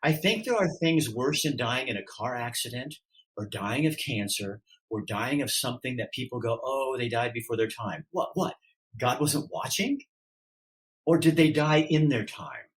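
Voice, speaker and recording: A middle-aged man speaking as a podcast guest, talking candidly and animatedly, acting out quoted voices with wide swings in pitch. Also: lively intonation, normal speed, rough recording. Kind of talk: candid interview talk.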